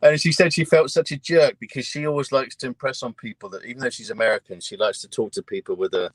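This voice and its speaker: A man's voice: medium pitch, steady tone, fast, husky, dry recording. British man, casual round-table chat, laughs a lot, dry close sound. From Britain. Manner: laughs often while telling stories. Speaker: guest trucker.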